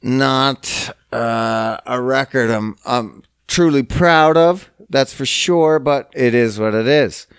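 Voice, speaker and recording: A young Canadian man hosts a podcast, delivering a casual solo rant that is profane, exasperated, and mocking. His voice is medium-pitched, clear, and resonant, and he speaks slowly with few pauses. The sound is studio quality with no echo.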